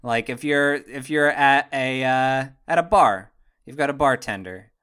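Man, podcast co-host, casual banter, deadpan humor, bright tone. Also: mid-range voice, a little slow, clean tone. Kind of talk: casual chat.

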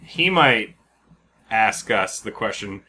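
A man's voice: lowish voice, animated, slow pace, pushed and bright, slightly rough. A man co-hosting a comedic podcast, posing absurd questions in casual chat. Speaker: podcast co-host.

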